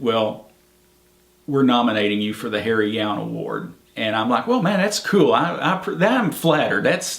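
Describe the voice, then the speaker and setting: Recorded in an echoey room, this oral history interview features a middle-aged park ranger with a medium-pitched voice. He spins his stories plainly and easily, leaning on plenty of fillers.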